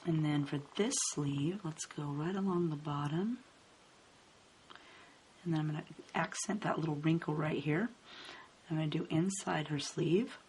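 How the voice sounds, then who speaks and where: A woman calmly narrating a step-by-step coloring tutorial, explaining each stroke as she works. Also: deep voice, unhurried, pauses often. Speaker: card-making instructor. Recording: faint hiss in background.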